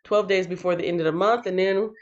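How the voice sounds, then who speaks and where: A woman hosting a casual livestream, who sounds tired after a night shift. She reads out chat comments in an animated, playful way and breaks into sing-song bits. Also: on the low side, quick pace, lo-fi sound, slight background noise. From Texas. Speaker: livestream host.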